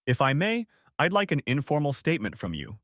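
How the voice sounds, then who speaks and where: Middle-aged inspector as a man reads him, formal, polite, lively delivery, dry close sound. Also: a little high, a little fast, no echo, pitched above the performer's own voice, full character voice.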